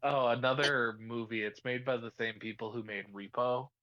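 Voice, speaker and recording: A man chatting casually over a voice call in an easygoing, halting way, with many pauses and fillers. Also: mid-range voice, fairly even intonation, bright, forceful tone, no room sound. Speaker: call guest. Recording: muffled dry call audio through earbuds.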